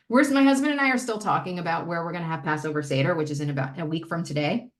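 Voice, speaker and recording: A woman leading a recovery step study in a casual, candid, self-mocking way. She jumps into high mock-voices and drops into low muttered asides. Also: quick pace, few pauses. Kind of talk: casual talk on a recovery text.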